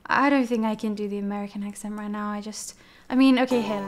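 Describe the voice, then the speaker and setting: A woman's voice: mid-range voice, steady tone, fast, over music. A woman streaming a game late at night, tired and teary, rambling casually with lots of "like" and "dude". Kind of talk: casual live-stream chat.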